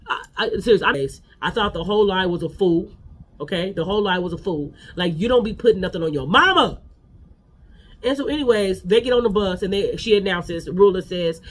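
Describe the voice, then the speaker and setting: A man's voice: high voice, fairly quick. A man giving a casual, sassy gossip recap of a reality show, talking straight to his viewers.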